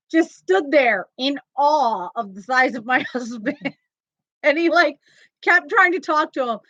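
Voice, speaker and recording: A woman's voice: high voice, animated, measured pace, a bit bright, no room sound. A woman hosting a casual crochet live stream from home, chatty and laughing often. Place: home, indoors. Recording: slightly dull lo-fi sound.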